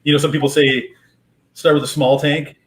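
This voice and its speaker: A man talking in a relaxed, slightly boastful way in a casual aquarium chat. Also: a little high, moderate pace, low-quality recording. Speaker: aquarium hobbyist co-host.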